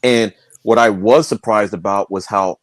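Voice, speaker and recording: A low-voiced man chats loosely about a match as a panel guest, filling his thoughts with ums. His voice sounds dry and close, with no room sound around it. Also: a little slow, no room sound. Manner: relaxed, lots of ums. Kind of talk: casual chat.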